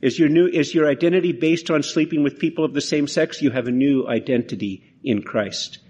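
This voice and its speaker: A man's voice: fairly high pitch, fairly quick, a little mellow, highs cut off. Earnest male pastor preaching casually. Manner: earnest, conversational preaching with restarts. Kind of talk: sermon.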